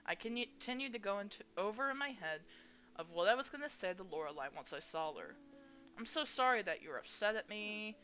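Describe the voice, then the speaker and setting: A woman's voice: mid-range voice, expressive, fairly quick, sharp tone. A woman reading a visual novel's anxious protagonist, narrating worried inner monologue. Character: anxious young protagonist, self-blaming. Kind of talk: voicing a visual novel aloud.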